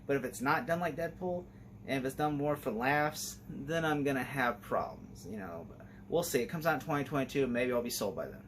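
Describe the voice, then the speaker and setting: Man, mid-pitched voice, casual rambling review, enthusiastic, lots of fillers, faint background hiss. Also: expressive, fairly quick. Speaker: movie reviewer.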